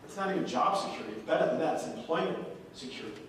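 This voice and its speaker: A man giving a folksy, animated political town-hall speech, telling anecdotes and acting out other people. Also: fairly high pitch, racing, a little hiss or hum. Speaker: congressman speaking at a town hall. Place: large echoey courthouse hall. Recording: echoey hall recorded from a distance.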